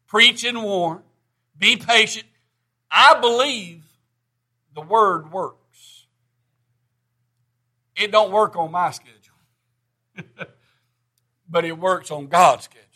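A man's voice: high voice, takes it slowly, long pauses, sharp tone. A middle-aged man preaching a sermon, folksy and plainspoken, rising to emphatic bursts.

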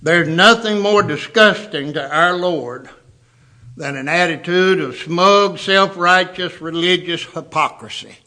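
A man's voice: on the high side, a little slow, pushed and bright. A man preaching a sermon, emphatic, repeating words for stress.

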